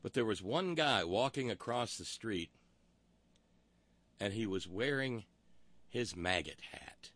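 A man's voice: on the low side, lively intonation, takes it slowly, long pauses, fairly bright tone, no echo. A man hosting a talk show, delivering a wry, rambling monologue full of historical asides. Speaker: radio talk show host.

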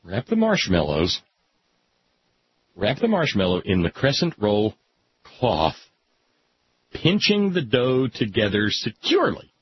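A man reading aloud with sardonic, deadpan asides. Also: lowish voice, takes it slowly, pauses often, slight background noise. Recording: dull lo-fi recording.

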